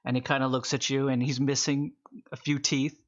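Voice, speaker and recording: A man's voice: medium pitch, level tone, brisk, muffled recording. A man narrating a tabletop game as game master, describing scenes in a loose, rambling way.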